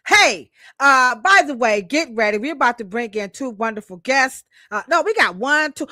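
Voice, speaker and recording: A woman's voice: a little high, lively intonation, moderate pace, few pauses, bright, forceful tone, no echo, studio quality. A woman from Cleveland co-hosting a podcast in a playful, joking, hyped-up way, speaking. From Cleveland, Ohio. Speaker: podcast co-host. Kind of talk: lively casual podcast chat.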